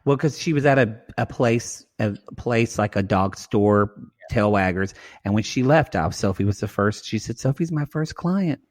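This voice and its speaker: Rambling and chatty, this podcast co-host recaps reality TV in a casual conversation, addressing the audience as "y'all." He speaks in a lowish voice at a moderate pace.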